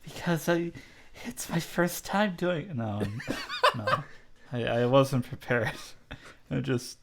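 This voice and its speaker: A man's voice: medium pitch, expressive, slow, noisy background. A young man co-hosting a podcast, playful and giggly in casual chat. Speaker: podcast co-host.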